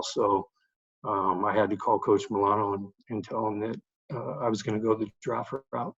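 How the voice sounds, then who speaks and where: A man's voice: lowish voice, normal speed, husky, lo-fi sound. A middle-aged man, a baseball coach, telling anecdotes from his playing days in a casual podcast chat. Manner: animated anecdotes with fillers. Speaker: guest, baseball head coach.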